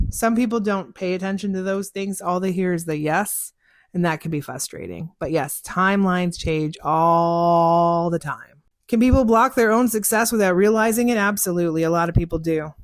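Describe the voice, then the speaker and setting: A young woman talks in a casual, candid way about her work as a psychic, often laughing and acting out what people told her. Her voice sits on the low side for a woman, and the recording is close and dry, with no room sound. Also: no echo. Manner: chatty, candid, laughs often, acts out conversations. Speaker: psychic podcast host. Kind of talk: casual chat answering listener questions. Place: car.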